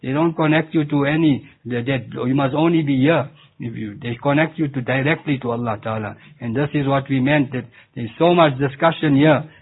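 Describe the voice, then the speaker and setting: Husky-voiced man preaching over a tinny line. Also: medium pitch. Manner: halting, with many restarts and Arabic recitation. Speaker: Sufi preacher. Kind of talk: Islamic sermon. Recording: tinny phone-like recording.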